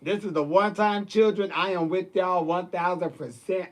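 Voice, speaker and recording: Sassy, profane man with a high voice. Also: fairly even intonation, moderate pace. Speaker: vlogger. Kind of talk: casual ranting monologue.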